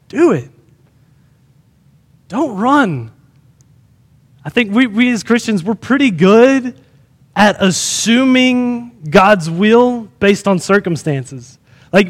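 A man's voice: sits high, long reverb tail. A man pastor preaching a sermon to his congregation, repeating phrases for emphasis and asking the room questions. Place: church sanctuary.

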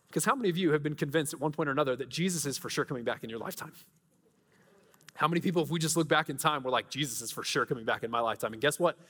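A man preaching a conversational sermon, asking his listeners rhetorical questions and moving between lively storytelling and quiet scripture reading. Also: fairly high pitch, racing, big-room sound. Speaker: pastor.

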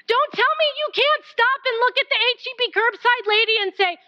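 Woman preacher, very high and bright, pleading sermon, dull lo-fi recording. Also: fairly quick. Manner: passionate, pleading, varies from loud to near whisper.

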